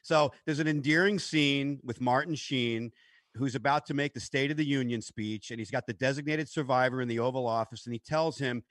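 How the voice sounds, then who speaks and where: A man's voice: mid-range voice, animated, normal speed, a bit bright, no echo. A man co-hosting a podcast, telling a story and growing indignant as he goes. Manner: storytelling, getting worked up and indignant. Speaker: podcast co-host. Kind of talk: casual podcast chat.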